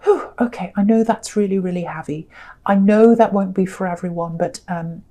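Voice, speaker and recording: A woman's voice: medium pitch, moderate pace, mellow. A woman giving a tarot reading, earnest and direct, repeating herself for emphasis. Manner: gives direct advice. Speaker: tarot reader.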